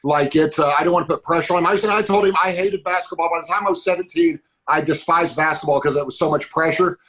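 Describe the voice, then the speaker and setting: A man's voice: on the high side, quick pace, a bit bright. A middle-aged man chatting casually as a podcast guest, rambling and saying "like" constantly. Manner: rambling, lots of "like".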